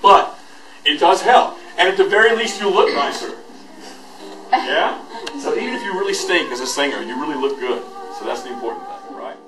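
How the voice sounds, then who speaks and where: A man's voice: a little high, lively intonation, moderate pace, over music. A man leading a voice master class, joking with students and demonstrating with his voice. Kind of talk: teaching a class. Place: school hall. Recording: echoey hall, recorded from far off.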